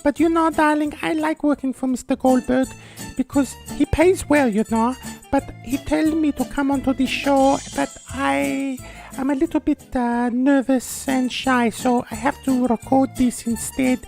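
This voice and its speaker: A man's voice: extremely high pitch, steady tone, a little slow, creaky, a little mellow, soft background music, voice pushed up, heavily acted. A man doing a flirty Greek cleaning lady. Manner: gushing, flirtatious, calls everyone darling. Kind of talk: comedy character message.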